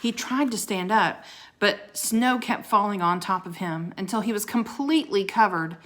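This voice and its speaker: A woman reading a children's storybook aloud to a child, expressive with small stumbles. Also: mid-range voice, moderate pace. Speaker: reader of a children's book.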